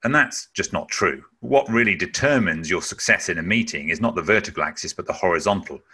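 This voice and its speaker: With a low, animated voice that runs a little fast and sounds sharp and slightly rough, a man presents a webinar on managing emotions. He is emphatic throughout and sometimes mimics breath-holding sounds.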